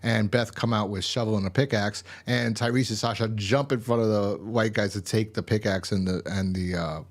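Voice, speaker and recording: Guy rambling thru an episode recap, kinda low voice, lots of ums and restarts. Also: fairly even intonation, normal speed. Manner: rambling, loose, with many fillers and restarts. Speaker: TV episode reviewer.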